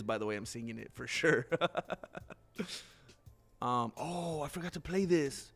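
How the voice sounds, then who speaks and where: A man's voice: medium pitch, moderate pace, vocal fry, long pauses. A man hosting a casual live stream, chatting loosely to his viewers, calling them "bro" and laughing often. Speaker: livestream host.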